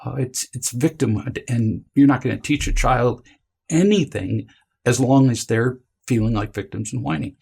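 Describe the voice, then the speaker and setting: A man giving a deliberate, emphatic lecture to parents, now and then mimicking a whiny child. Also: mid-range voice, gravelly, a little mellow, slightly rough. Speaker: parenting teacher.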